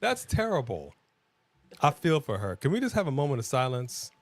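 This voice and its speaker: A man's voice: mid-range voice, sing-song, normal speed, no room sound. A man co-hosting a live wrestling watch-along stream, chatting casually, joking and laughing often.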